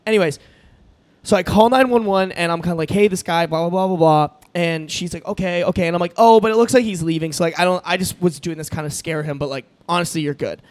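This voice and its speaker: A man's voice: high voice, fast talker. A young man from Arizona in casual chat, recounting a story with quoted dialogue and frequent restarts.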